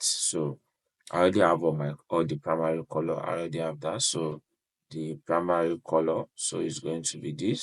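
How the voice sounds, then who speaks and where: A man walks through a screen-share tutorial in a loose, rambling way, stringing every step together with "so" and quick apologies. His voice sits extremely low, with a rough, gravelly texture and a husky edge. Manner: rambling, starts most phrases with "so", apologizes often while clicking. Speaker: web design tutorial host. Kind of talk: casual screen-share walkthrough.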